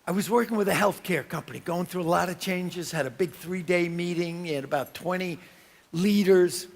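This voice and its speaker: A man delivers a motivational keynote at a business conference. His voice sits high for a man and has a gravelly edge. He tells stories with energy, jumping into the voices of the people in them. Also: normal speed. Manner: animated storytelling with acted-out voices and shouts. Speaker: keynote speaker. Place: conference hall.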